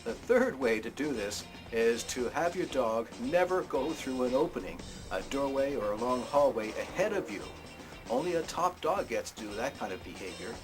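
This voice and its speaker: A man teaching dog tricks in a plain, explaining way, with bursts of high, cheerful praise for the dog. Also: expressive, normal speed. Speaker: dog trainer. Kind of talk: instructional talk. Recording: music playing underneath.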